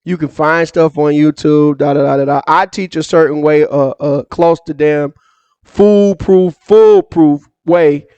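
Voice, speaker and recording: Emphatic, slangy man with a high voice. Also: little pitch movement, darkish tone, smooth, no echo, lo-fi sound. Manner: emphatic, slangy, quick bursts with asides. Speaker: finance YouTuber. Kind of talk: casual direct-to-camera rant.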